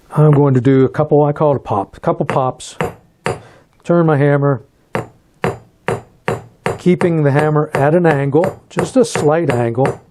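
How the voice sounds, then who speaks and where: A man teaching metal forging in a hands-on demonstration, talking in a relaxed and halting way and repeating words while he works. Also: fairly high pitch, slight background noise. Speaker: metalsmith instructor.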